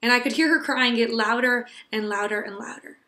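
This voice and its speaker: A young woman telling an earnest personal story to a class, tender and sometimes dropping to a hush. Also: fairly high pitch, brisk, echoey room. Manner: earnest, tender, drops to a hush for quiet moments.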